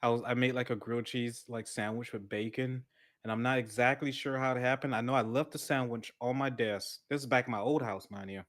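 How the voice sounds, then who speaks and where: A man's voice: mid-range voice, fairly even intonation, a little fast. A man hosting a casual podcast, telling crude stories animatedly with sudden yelps. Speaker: podcast host. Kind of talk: casual chat.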